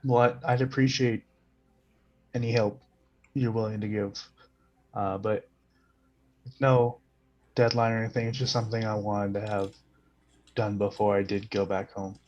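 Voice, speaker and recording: A hesitant, polite man with a low, flat voice speaking as a tabletop game player. The recording is a dull, lo-fi mic. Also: moderate pace, long pauses.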